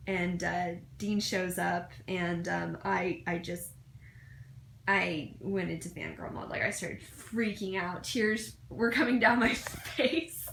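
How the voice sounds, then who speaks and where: A woman's voice: fairly low pitch, slow pace, creaky, a bit bright, roomy sound, slight background noise. A woman giving a casual, gushing fan review, full of fillers and restarts, often breaking into laughter.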